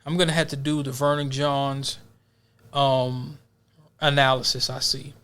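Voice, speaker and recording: A man's voice: medium pitch, flat delivery, measured pace, fairly bright tone, clear, resonant tone. A male podcast host giving casual, emphatic commentary, often restarting his sentences.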